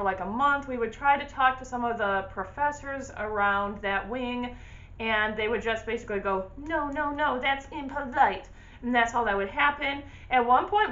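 Young woman vlogger, bright voice, high-ish, blunt storyteller, dull lo-fi sound. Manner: animated, candid, blunt. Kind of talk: casual storytelling to camera.

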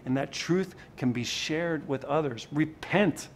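A man preaching a sermon in a conversational, animated way, with sudden shifts in loudness for emphasis. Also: a little high, unhurried, a little hiss or hum. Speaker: pastor.

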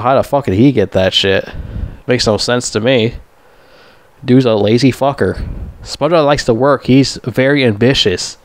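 A man's voice: medium pitch, dry recording. A young man ranting casually and profanely as a movie reviewer, rambling and mocking. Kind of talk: casual rant.

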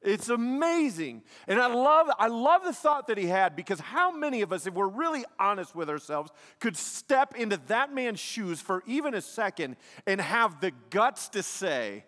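A man's voice: high-pitched, big pitch swings, normal speed, few pauses, fairly bright tone. Emphatic male preacher in a reverberant church. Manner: emphatic, conversational preaching with frequent "man" and "like". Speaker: pastor. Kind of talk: sermon. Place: church sanctuary. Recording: long reverb of a large hall.

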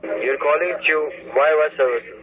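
A man's voice: fairly high pitch, measured pace. Indian-accented man on a tinny phone line. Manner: patient, repeats instructions. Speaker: tech support phone agent. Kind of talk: phone call. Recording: tinny phone line with call-center chatter.

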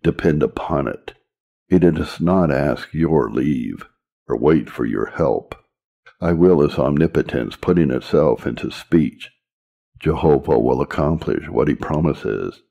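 Man reading a sermon aloud, very low and husky voice, solemn and earnest, muffled lo-fi sound. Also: expressive, unhurried, warm tone. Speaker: reader. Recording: dull lo-fi recording.

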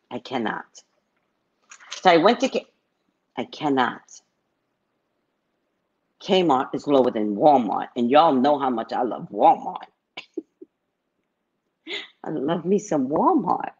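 A middle-aged woman from California, telling stories in an animated, chatty live-stream chat. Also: low voice, creaky, husky. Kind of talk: casual storytelling chat. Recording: dull lo-fi recording.

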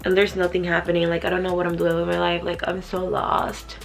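A young woman talking casually in a vlog, chatty and profane, thinking out loud. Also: fairly low pitch, completely flat delivery, brisk, vocal fry, faint music behind. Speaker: vlogger.

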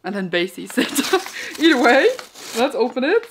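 Excitable giggly young woman. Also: a little high, normal speed, slight background noise. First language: Norwegian. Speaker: vlogger. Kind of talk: casual vlog chat.

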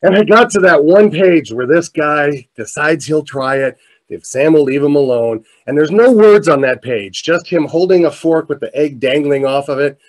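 A middle-aged man gives a storytelling keynote talk with a fairly high voice. He tells it in an animated way, and his voice rises and grows louder as the story builds. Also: moderate pace. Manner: animated storyteller, voice climbs with excitement. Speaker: motivational speaker. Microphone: presentation mic, virtual showcase.

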